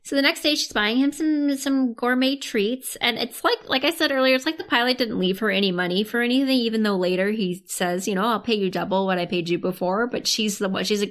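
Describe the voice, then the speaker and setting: A young adult woman co-hosting a podcast, recapping a drama in casual chat, animated and laughing often as she acts out quotes. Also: on the high side, a little fast, few pauses. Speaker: podcast co-host.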